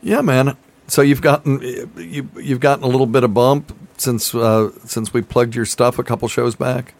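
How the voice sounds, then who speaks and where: A man hosting a call-in radio show, chatting casually with callers and laughing easily, with a softened Appalachian accent. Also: medium pitch, steady tone, moderate pace. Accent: Appalachian, mostly softened. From Appalachian mountains, USA. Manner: laid-back, laughs often, chatty.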